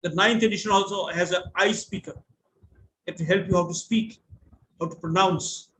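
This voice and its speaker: High-voiced Indian English lecturer. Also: male voice, fairly even intonation, moderate pace, sharp tone, low-quality recording. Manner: explanatory, spells words out letter by letter. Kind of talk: online lecture to students.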